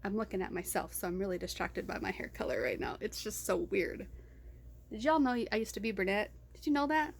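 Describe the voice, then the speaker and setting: A woman's voice: medium pitch, lively intonation, brisk, gravelly, a little hiss or hum. A woman talking to her camera in an unscripted video diary, rambling and distracted, often breaking into laughter. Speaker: vlogger.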